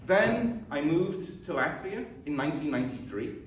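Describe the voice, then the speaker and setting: A man's voice: a little high, sing-song, normal speed. Man, middle-aged, mixed British accent with Scottish and Baltic tinges, lecture, fillers and restarts, distant mic, echoey room. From born in the UK, raised in England. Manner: self-deprecating, with frequent fillers and repeated words. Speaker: visiting professor. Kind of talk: academic lecture. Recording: echoey room from far off, faint noise.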